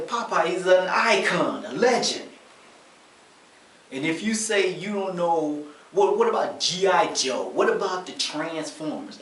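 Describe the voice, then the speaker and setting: A man's voice: mid-range voice, reverberant, far from the mic, a little hiss or hum. A man doing a stand-up comedy routine, telling an exasperated story with acted-out quotes.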